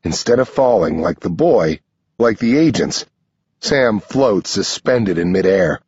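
A man narrating a first-person audiobook at an unhurried pace. His voice is husky, and the dry, dull recording has no room sound. His pitch sits in the middle range. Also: expressive, a little mellow, dry recording.

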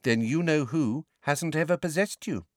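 A man's voice: a little high, moderate pace, no room sound, studio quality, voice pushed up, close to an everyday voice. A man voicing a blunt, fierce teenage girl who speaks coolly and plainly. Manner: blunt, cool, forceful.

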